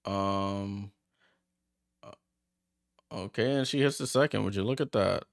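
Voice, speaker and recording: Gravelly low-voiced man calling a game. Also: unhurried. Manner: chatty and excitable, reacting aloud to plays. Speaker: watchalong host. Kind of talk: casual live play-by-play commentary.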